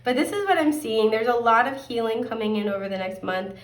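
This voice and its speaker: Hoarse chatty woman reading tarot. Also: on the high side, animated, brisk, echoey room, far from the mic. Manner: chatty, upbeat, rambling with fillers. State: hoarse, clears throat often. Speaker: tarot card reader. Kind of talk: casual pick-a-card tarot reading.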